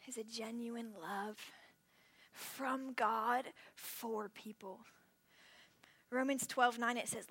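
A young adult woman preaching a youth sermon, lively and casual, shifting from loud storytelling to a hushed, earnest prayer tone. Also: fairly high pitch, slow, long pauses, husky. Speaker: youth pastor.

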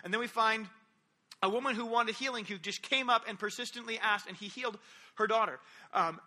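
A man's voice: sits high, fairly quick, bright, forceful tone. A young man preaching a sermon, retelling stories animatedly and acting out the quotes.

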